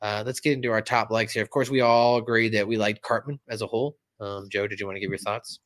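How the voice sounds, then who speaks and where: A man hosting a podcast, casually recapping a cartoon episode in an animated way. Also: on the low side, fast talker, dry recording. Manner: animated, jumps into voices while retelling. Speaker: podcast host.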